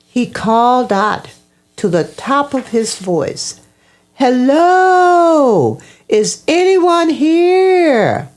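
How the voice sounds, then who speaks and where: A woman reading a children's story aloud as the storyteller, in a slow, expressive storybook manner. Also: medium pitch.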